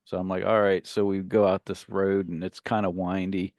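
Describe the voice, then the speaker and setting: A man, co-hosting a radio show, tells a rambling, profane story and acts out his yelling relatives. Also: sits low, little pitch movement, normal speed, no room sound, clean studio sound. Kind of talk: casual storytelling banter. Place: radio studio.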